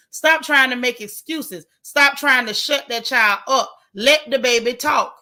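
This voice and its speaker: Fired-up woman doing a live stream, bright punchy voice, repeats herself for emphasis. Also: fairly high pitch, moderate pace, few pauses. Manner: animated, outspoken, emphatic repetition. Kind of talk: casual live-stream commentary reading chat.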